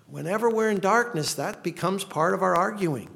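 Guy preaching a sermon, earnest, voice sits a bit high, gets fired up on the scripture bits. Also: moderate pace, creaky, few pauses, fairly bright tone. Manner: earnest, rising to impassioned when reading laments. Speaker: pastor.

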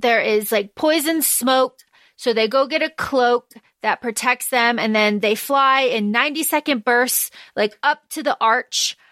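A woman co-hosting a podcast, chatting casually as she recaps a novel and quotes its characters in lively voices. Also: a little high, no echo, clean studio sound. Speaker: podcast co-host. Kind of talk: casual book discussion.

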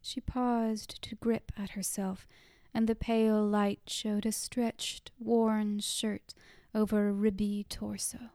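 Hushed whispering woman storyteller. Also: mid-range voice, level tone, dry recording, studio quality. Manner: soft unvoiced whisper, slow and hushed. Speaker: narrator. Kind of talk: whispered role-play.

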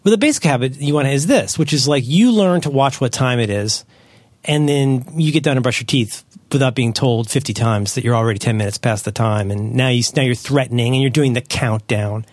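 A man hosting a podcast, chatting casually as a parent, rambling and correcting himself as he tells animated stories. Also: mid-range voice, a little fast, no echo. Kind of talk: casual chat.

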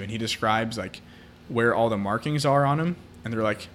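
A man's voice: on the low side, normal speed, fairly bright tone, slight background noise. A man co-hosting a podcast, retelling a film plot in casual chat, with many fillers. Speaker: podcast co-host.

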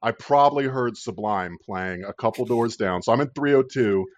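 A man's voice: medium pitch, moderate pace, dry recording. A man in his thirties casually telling a rambling personal story, swearing freely and laughing at his own tale.

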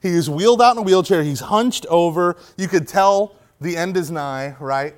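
A man with a high voice gives a funny storytelling talk at a Catholic youth event. He is animated and jokey, and he shouts when he acts out the big moments. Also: normal speed. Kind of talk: humorous storytelling talk to a live audience.

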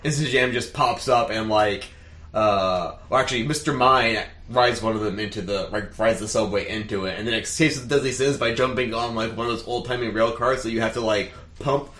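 A man's voice: lowish voice, fairly even intonation, fairly quick, fairly bright tone, echoey room. A man co-hosting a casual chat show, animatedly retelling cartoon scenes with lots of laughter. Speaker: podcast co-host.

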